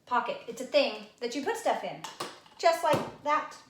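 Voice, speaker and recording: A woman's voice: sits high, animated, normal speed. A woman teaching a children's spelling lesson, playful and patient, using props and guessing games to introduce each word. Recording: echoey room.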